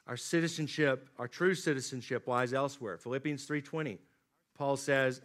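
A man preaching a sermon, swinging from loud emphatic lines to low, quiet drops. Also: moderate pace. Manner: dynamic preaching, rising emphatic then dropping low and quiet. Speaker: pastor.

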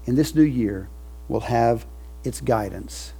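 A man preaching a sermon, building to loud emphatic peaks and falling soft at the ends of phrases. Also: medium pitch, slow, vocal fry, husky, rough recording. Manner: leads congregation in recited scripture. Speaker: pastor.

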